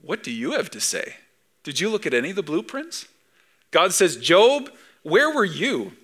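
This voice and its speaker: A middle-aged male pastor preaching with a bright, forceful voice that sits a little high for a man. He talks conversationally, leaning on rhetorical questions. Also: sing-song, normal speed. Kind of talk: sermon.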